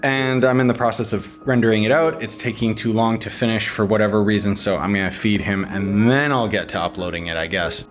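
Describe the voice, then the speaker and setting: A man's voice: on the low side, steady tone, brisk, hardly any pauses. Young man, casual vlog narration, candid, swears, stressed, music playing behind. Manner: frank, stressed, swears freely. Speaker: vlogger, father of a baby.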